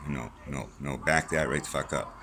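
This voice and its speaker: Very deep-voiced rambling man. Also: fairly even intonation, moderate pace, pushed and bright, a little hiss or hum, low-quality recording. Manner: rambling, profane, jumping between topics. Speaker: vlogger. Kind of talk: rambling casual monologue. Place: small room at home with a fan on.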